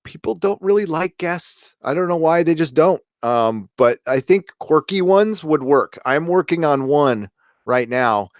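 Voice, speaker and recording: A man's voice: on the high side, expressive, a little slow, dry recording. Middle-aged man, casual livestream host, rambling with lots of uhs, dry close mic. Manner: rambling, many fillers and restarts. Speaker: livestream host reading chat. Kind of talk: casual live chat.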